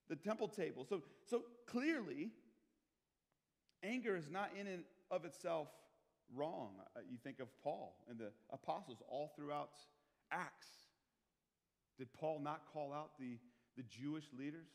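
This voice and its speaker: A man preaching a sermon as pastor, talking in a conversational way, asking the congregation questions and swinging between quiet asides and loud emphasis. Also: on the high side, lively intonation, unhurried, creaky. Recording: long hall reverb.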